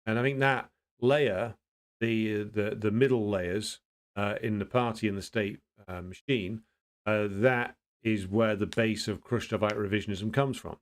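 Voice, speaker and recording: A man hosting a casual livestream, greeting viewers and answering their comments in a blunt, opinionated way, pausing often to think and restarting his sentences. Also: fairly low pitch, steady tone. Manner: thinks aloud with frequent pauses and restarts. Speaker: livestream host.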